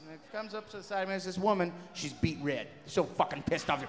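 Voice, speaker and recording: A man on stage telling a loose, profane story between songs, with bursts of shouting. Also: sits high, fast. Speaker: comedy band frontman. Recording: live hall reverb, faint noise.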